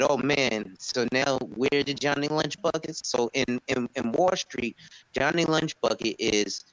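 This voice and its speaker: A man's voice: medium pitch, fairly bright tone, no room sound, poor audio. Man telling stories in a dry voice. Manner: storytelling, acts out quoted conversations. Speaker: insurance agent and panel speaker. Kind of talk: casual panel talk.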